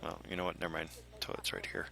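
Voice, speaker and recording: A man's voice: deep voice, completely flat delivery, quick pace, creaky. Rambling jokey gamer guy. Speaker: let's play gamer. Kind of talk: game commentary. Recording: loud game music behind.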